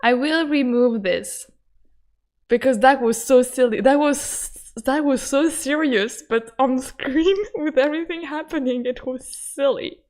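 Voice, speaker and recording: A woman with a voice, commenting casually on a game she is streaming, excitable, stammering and laughing often. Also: high voice, a little slow. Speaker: gaming streamer. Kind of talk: casual let's-play commentary.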